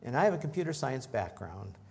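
A man preaching a sermon in a conversational way, joking with the congregation and rising in pitch and volume when he reads scripture. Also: very animated, brisk, creaky, darkish tone. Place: church in front of a congregation.

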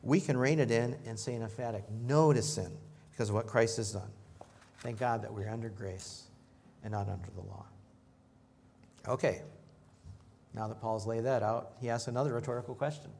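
A man delivering a church sermon at an ordinary mid pitch. His manner is easygoing and chatty, with jokes and questions tossed to the congregation. He lifts his voice and gets louder whenever he reads scripture. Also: normal speed, gravelly. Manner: conversational, joking with the congregation; rises in pitch and volume when reading scripture. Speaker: preacher.

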